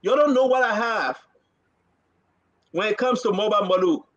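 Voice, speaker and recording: A man's voice: high voice, normal speed, fairly bright tone, dull audio. A man hosting a live political talk show, emphatic and repeating himself as he reads quotes aloud.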